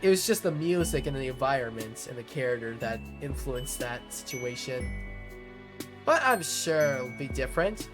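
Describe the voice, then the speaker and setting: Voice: medium pitch, big pitch swings, moderate pace, music in the background. A let's-play host reading a visual novel aloud and chatting about it in a rambling way with lots of fillers and restarts.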